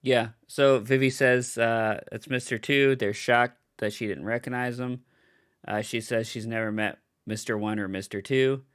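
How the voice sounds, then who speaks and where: Smooth-voiced man narrating a recap. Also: medium pitch, normal speed. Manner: steady, orderly narration of the plot. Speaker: podcast co-host. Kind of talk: casual episode recap.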